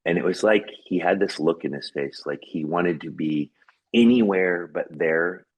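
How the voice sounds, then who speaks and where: An earnest man recounts a family memory as a podcast guest, rambling and full of fillers. His voice sits extremely low and comes out husky and breathy. The recording is dry and close. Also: normal speed, no room sound, poor audio. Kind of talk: personal storytelling in conversation.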